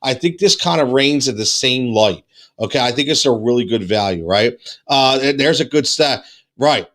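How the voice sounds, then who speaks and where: A man hosting a fantasy sports live show, excitable and repetitive, with many fillers and restarts, saying he is losing his voice. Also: mid-range voice, normal speed. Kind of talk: excited live-stream chat.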